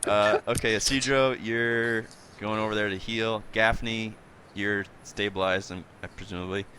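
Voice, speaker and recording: A man's voice: on the low side, fairly even intonation, measured pace, bright, forceful tone, slight background noise. A man running a tabletop game as game master, loose and joking, laughing often.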